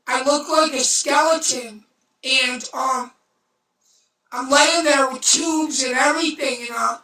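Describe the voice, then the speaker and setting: Intense high-voiced woman, blunt storytelling on a livestream, slow bright delivery, roomy off-mic sound. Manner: intense, blunt, swears, bursts into shouting. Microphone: phone. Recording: roomy echo, far from mic.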